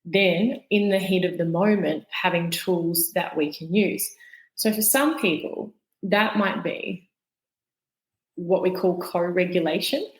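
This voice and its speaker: A woman, a guest expert on the nervous system, explaining calmly and patiently in a podcast interview, walking through everyday examples. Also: fairly low pitch, slow, roomy sound, rough recording.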